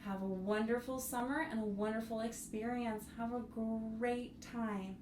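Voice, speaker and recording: A woman's voice: on the high side, steady tone, measured pace. Woman music instructor, encouraging with students, recorded at a distance in a roomy space. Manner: sings rhythms on syllables to demonstrate; encouraging, speaks to young students. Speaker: bassoon instructor. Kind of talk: music tutorial. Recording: roomy, mic at a distance, faint noise.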